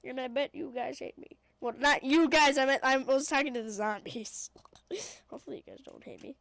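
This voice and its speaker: A woman giving excitable gameplay commentary, chattering and shrieking at the game, sniffly, with a voice prone to cracking. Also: sits high, normal speed, gravelly, dry recording. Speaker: gaming video creator.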